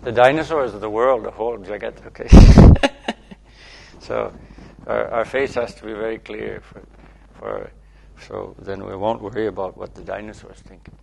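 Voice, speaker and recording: A man's voice: lowish voice, steady tone, moderate pace, gravelly, warm tone, a little hiss or hum. A man, a spiritual teacher, giving a playful, repetitive talk to listeners, often checking in with "okay?".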